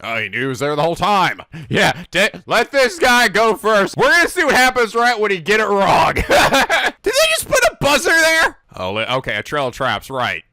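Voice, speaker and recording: High, lively male reaction host, bright voice, dry close mic. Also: moderate pace, dry recording. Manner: animated, laughs often, swears, exclaims. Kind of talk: casual reaction commentary.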